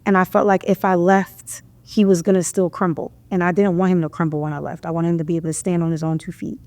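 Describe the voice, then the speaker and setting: A woman's voice: on the low side, little pitch movement, fast talker, a little mellow. A woman guest on a podcast telling a personal story, speaking candidly and reflectively.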